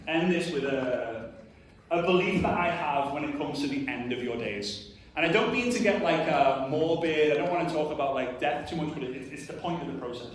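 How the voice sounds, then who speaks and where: Guy in his 30s doing a motivational stage talk, kinda high voice, big echoey hall, mic a bit far off. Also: slight background noise. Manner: earnest, emphatic, fond of "like", acts out little voices. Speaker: conference speaker. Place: large hall before an audience.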